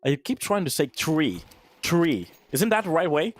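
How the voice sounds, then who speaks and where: A man's voice: fairly high pitch, animated, dry recording. A man with a Finnish accent and Finnish as his first language, casting a match play by play and chatting with viewers between rounds. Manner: chatty, answers the chat between plays; quickens and lifts on big plays. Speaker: esports caster. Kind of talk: play-by-play commentary.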